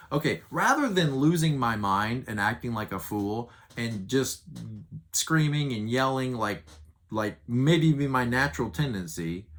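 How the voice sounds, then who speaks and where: A man's voice: mid-range voice, fairly bright tone. A middle-aged man coaching on handling anger, teaching earnestly and acting out little example conversations. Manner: earnest, emphatic, acts out example dialogues. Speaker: Enneagram relationship coach. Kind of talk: teaching talk to camera.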